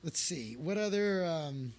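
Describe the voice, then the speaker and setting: A man's voice: on the high side, lively intonation, a little slow, a little mellow. A man hosting a comedy live stream, telling rambling stories to his viewers in a casual way, with lots of fillers and restarts. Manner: loose, anecdotal, with many fillers and restarts.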